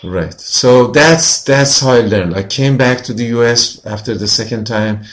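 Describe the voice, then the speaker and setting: A man's voice: mid-range voice, a little slow, a bit bright, a little hiss or hum. A man being interviewed as a healer, telling a personal story in an earnest way with many "you know" fillers.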